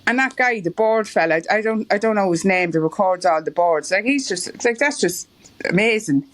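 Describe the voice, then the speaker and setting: A woman's voice: mid-range voice, animated, normal speed. A middle-aged Irish woman telling stories as an interview guest, rambling and laughing often. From Ireland. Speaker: marathon runner guest. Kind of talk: casual interview chat.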